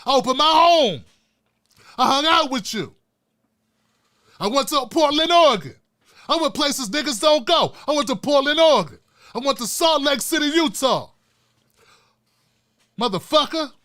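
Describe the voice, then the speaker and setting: A middle-aged man hosting his own online show, ranting with fiery, profane, preacher-like repetition and swinging from hushed asides to shouting. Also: very high voice, animated, moderate pace, long pauses. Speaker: YouTube show host. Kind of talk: impassioned vlog rant.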